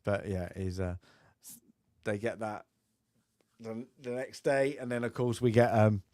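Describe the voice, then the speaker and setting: A man's voice: lowish voice, steady tone, unhurried, darkish tone, dry recording. Male podcast host, casual rambling film chat, dry close mic. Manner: rambling, many fillers, acts out film lines with laughs.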